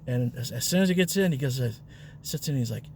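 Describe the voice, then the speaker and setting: A man's voice: medium pitch, expressive, fast talker, a little mellow, a little hiss or hum. Chatty man telling a story. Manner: chatty, loose, with fillers and chuckles. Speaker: rideshare driver and vlogger. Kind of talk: casual storytelling.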